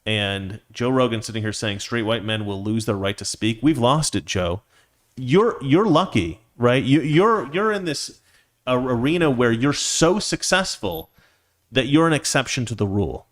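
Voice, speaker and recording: A man's voice: medium pitch, lively intonation, moderate pace. A man hosting his own commentary show, ranting in a heated, indignant way. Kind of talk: political commentary monologue.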